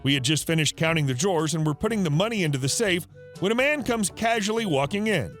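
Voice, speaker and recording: A man reads reddit stories in a scripted, upbeat way. His voice sits high and swings freely in pitch, and faint music plays behind him. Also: animated, quick pace, fairly bright tone. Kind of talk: scripted narration.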